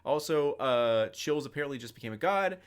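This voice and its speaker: A man's voice: medium pitch, lively intonation, brisk, smooth. A man narrating a tabletop role-playing game as game master, in a loose, rambling way with lots of fillers.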